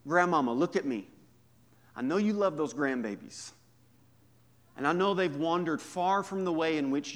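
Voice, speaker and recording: Male pastor, mid-high voice, chatty humorous sermon delivery, quiet asides and punchy emphasis. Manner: conversational and humorous, swinging from hushed to emphatic.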